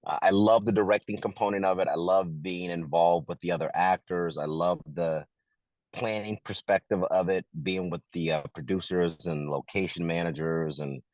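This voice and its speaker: Low-voiced man telling a story. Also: normal speed, no room sound. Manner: animated, acts out quotes, many restarts. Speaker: actor and director, interview guest. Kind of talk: casual interview storytelling.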